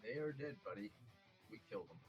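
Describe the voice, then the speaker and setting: A laid-back man playing in a tabletop game, speaking in a low voice with short, easy replies. Guitar music plays clearly behind him. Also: expressive, a little fast, lo-fi sound. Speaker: player. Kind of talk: casual tabletop play.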